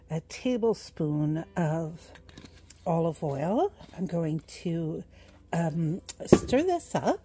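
Slow, mellow-voiced woman cooking host. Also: lowish voice. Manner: chatty, unhurried, with frequent fillers and little laughs. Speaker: home cooking show host. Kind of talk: casual cooking demonstration.

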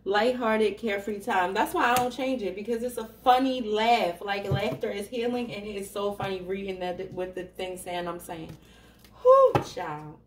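A tarot reader chats casually with her viewers as she reads their cards, laughing often and addressing them directly. Her medium-pitched voice is fairly even in intonation, at normal speed with few pauses. The recording has background noise and an echoey room, and she sounds a bit far from the mic.

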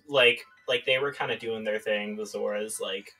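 A man's voice: on the low side, fairly even intonation, moderate pace, pushed and bright, far from the mic, faint music behind, low-quality recording. A man playing a tabletop game, describing his actions in a rambling, hesitant way. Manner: rambling, hesitant, lots of fillers. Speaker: player. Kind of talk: casual tabletop play.

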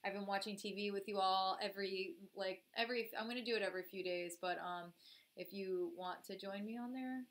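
A woman's voice: medium pitch, fairly even intonation, a little fast. A woman vlogger with a cold, chatting casually and addressing her viewers directly as she reacts to a music video. Her talk is loose and conversational. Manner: chatty, talks straight to viewers as "guys". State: has a cold.

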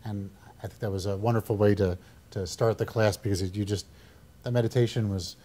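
A man hosting a studio interview, asking questions in a halting way, searching for words. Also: lowish voice, steady tone, mellow. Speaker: interviewer, host.

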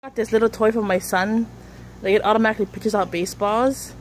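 A woman's voice: mid-range voice, fairly even intonation, fast, noisy background. A woman in a casual home vlog, chatting straight to her viewers through a handheld camera. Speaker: vlogger.

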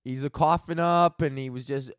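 A man's voice: mid-range voice, fairly even intonation, moderate pace, clean tone, no room sound, studio quality. A man of thirty hosting his own comedy podcast, rambling and swearing freely as he vents and laughs at his own jokes. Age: 30s. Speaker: podcast host. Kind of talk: casual solo comedy podcast rant.

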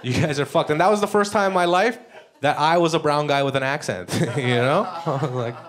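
This young Canadian comedian speaks a little fast in a voice on the high side during a live stand-up set at a comedy club. He's crude and loose, often laughing at his own jokes. Audience laughter from the live crowd fills the background.

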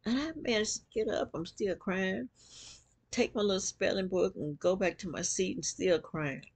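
A woman with a low, husky voice tells a personal story straight to camera. She is animated and slips into the voices of the people she quotes. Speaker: vlogger.

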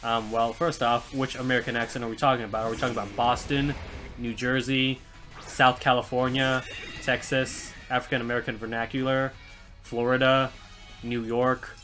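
A man's voice: mid-range voice, level tone, normal speed, fairly bright tone, soft background music. A man streaming a live let's play, chatting with viewers, laughing often and joking between moves. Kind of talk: live gameplay commentary.

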